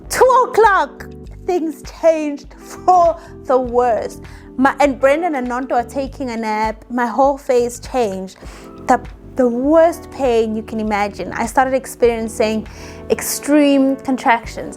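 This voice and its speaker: A young South African woman telling a personal story in a chatty, animated way and acting out the voices she quotes. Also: on the high side. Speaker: vlogger. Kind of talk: casual storytelling.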